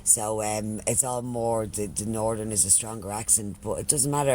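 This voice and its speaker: A man's voice: on the low side, normal speed, hardly any pauses, a little mellow, a little hiss or hum. An Irish man chatting casually on a live stream, swearing freely and thanking followers by name. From Ireland.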